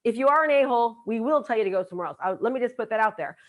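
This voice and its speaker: A middle-aged woman with a slightly high voice speaks as a business coach at a live event. She talks emphatically and drives her points home by repeating them. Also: animated, racing. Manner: emphatic, repeats key lines for effect. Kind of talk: motivational seminar talk.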